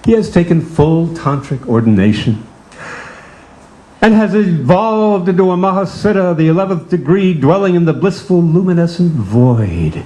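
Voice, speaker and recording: Older male storyteller, wry and theatrical, high voice with lots of swing. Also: animated, normal speed, warm tone. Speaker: comic author reading aloud. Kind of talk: comic storytelling to a live audience.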